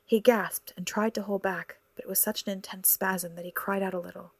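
A woman narrating an audiobook in a soft, hushed, partly whispered delivery. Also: mid-range voice, fairly even intonation, fairly quick, no room sound.

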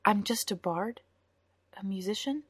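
A woman voicing a kind young male bard who speaks softly and politely. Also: mid-range voice, measured pace, husky, dry recording. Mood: soothing. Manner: soft, polite and soothing.

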